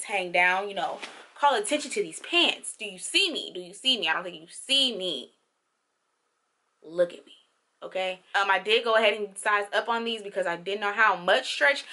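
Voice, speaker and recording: A young woman chatting casually through a clothing try-on haul, playful and slangy, with sudden high squeals of excitement. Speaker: fashion vlogger.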